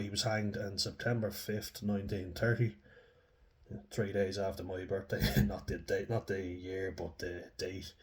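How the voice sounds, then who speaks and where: A man giving rambling, chatty commentary on a true crime story, often reading passages aloud. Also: lowish voice. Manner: rambling and chatty, with laughs and restarts.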